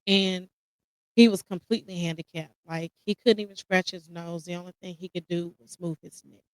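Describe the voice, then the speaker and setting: A woman's voice: on the low side, fairly even intonation, normal speed, no echo, low-quality recording. Emotional woman sharing a personal story. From United States. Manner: emotional, holding back tears; casual, addresses listeners as y'all. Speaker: podcast host. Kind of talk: personal reflective monologue.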